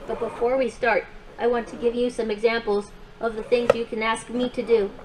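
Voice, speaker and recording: Woman doing a perky little companion robot, upbeat, encouraging, fairly high voice, noisy background. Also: level tone, normal speed, close to an everyday voice. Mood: friendly. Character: cheerful small companion robot for kids. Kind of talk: game and guided affirmations for a child.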